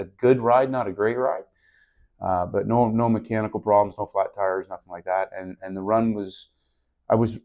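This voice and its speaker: A man's voice: on the low side, darkish tone. A middle-aged man, a podcast guest, telling a story in an earnest, reflective way during a casual interview.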